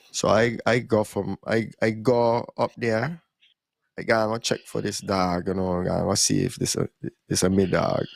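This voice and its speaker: A young man spins a casual podcast story in relaxed, creole-tinged English. His voice sits low with a gravelly edge. The sound is close and dry. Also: a little slow, dry recording.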